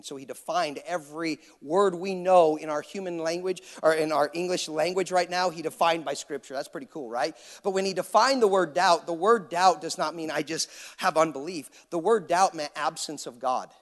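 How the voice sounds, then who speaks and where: High-voiced preacher man in a reverberant hall. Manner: dramatic storytelling, acting out quoted people, swings from shouting to hushed. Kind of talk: sermon.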